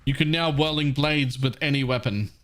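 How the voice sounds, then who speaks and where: A man's voice: mid-range voice, normal speed, a bit bright. An Australian man casually chatting on a live game stream, reading out patch notes and musing about them with fillers.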